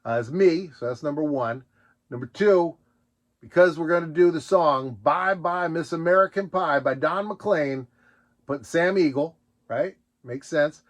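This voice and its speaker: A man with a slightly high voice hosts a relaxed solo Q&A and answers viewer questions. He rambles on playfully and breaks into laughs as he goes. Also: a little slow. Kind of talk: casual solo Q&A chat.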